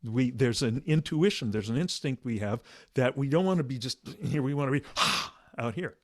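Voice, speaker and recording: A man leading a meditation discussion, speaking softly and reflectively with halting restarts. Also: mid-range voice, no room sound, studio quality. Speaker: meditation teacher.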